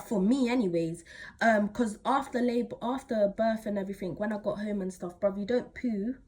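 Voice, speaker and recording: A teenage girl, chatting to camera as she retells a story in a casual, animated way. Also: medium pitch, normal speed. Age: teens. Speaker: vlogger.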